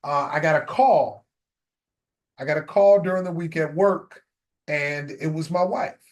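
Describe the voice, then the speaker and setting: A man's voice: fairly high pitch, a little slow. A middle-aged man telling a personal story in a casual, reflective way, repeating key phrases for emphasis before drawing a life lesson.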